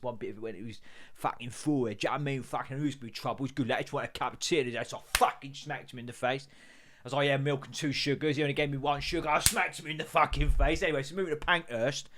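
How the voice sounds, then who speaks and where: A man's voice: medium pitch, fairly even intonation, quick pace, fairly bright tone. A man hosting a podcast, telling rambling, sweary stories with jokey put-on voices. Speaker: podcast host. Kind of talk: casual solo rant.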